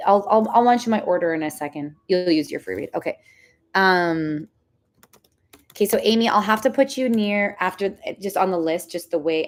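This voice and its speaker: A young woman reading tarot on a livestream, chatting casually with viewers. She is excitable and says "like" a lot. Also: medium pitch. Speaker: tarot reader hosting a livestream.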